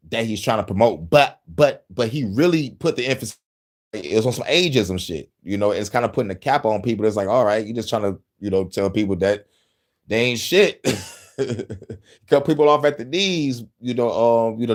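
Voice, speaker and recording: A man hosting casual podcast talk, boastful and profane, breaking into laughter often. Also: medium pitch. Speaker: host.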